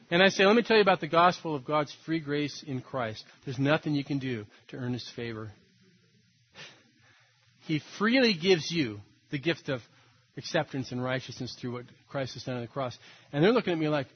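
A man's voice: fairly high pitch, expressive, fairly quick, breathy edge, highs cut off. A man preaching a sermon as pastor, acting out the voices of others and rising to emphatic peaks.

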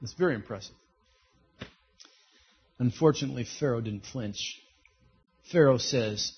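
Husky man preaching a lively sermon. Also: mid-range voice, a little slow, pauses often. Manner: animated storytelling, acts out quoted voices. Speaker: pastor. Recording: dull lo-fi recording.

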